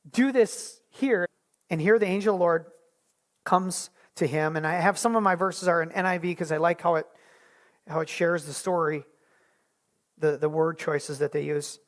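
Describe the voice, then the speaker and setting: A Bible study teacher leading a small group lesson, retelling scripture in a conversational way, often restarting words. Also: medium pitch.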